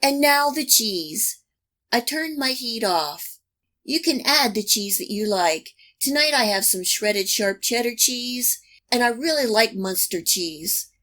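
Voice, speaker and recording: A woman hosting a cooking channel, giving calm, even, step-by-step recipe instructions in a scripted voice-over. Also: a little high, slow.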